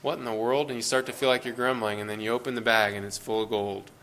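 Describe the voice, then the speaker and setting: A pastor preaching an informal sermon, talking casually with frequent restarts and short laughing asides. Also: male voice, on the low side, steady tone, quick pace, a bit bright. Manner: conversational, self-interrupting, laughing asides.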